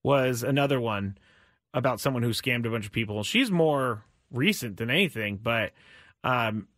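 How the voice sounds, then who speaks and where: A man hosting a sports talk show, chatting casually and rambling with frequent restarts and sudden jumps in pitch. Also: animated, normal speed, a bit bright, dry recording, studio quality. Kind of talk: casual chat.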